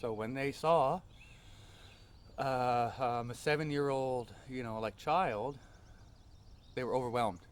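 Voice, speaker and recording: A man's voice: mid-range voice, takes it slowly, pauses often, clean tone. A man telling a personal story in an earnest, rambling way, full of fillers.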